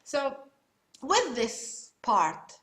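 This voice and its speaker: Slow, bright-voiced woman teaching pronunciation. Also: high-pitched, sing-song. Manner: patient, demonstrates sounds, laughs at herself. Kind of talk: online pronunciation lesson. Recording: echoey room.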